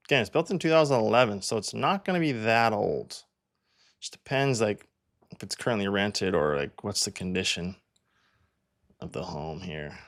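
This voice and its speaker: A man's voice: lowish voice, a bit bright. A young man from Canada, a real estate agent, chatting casually as he walks through home listings and thinks aloud with plenty of fillers.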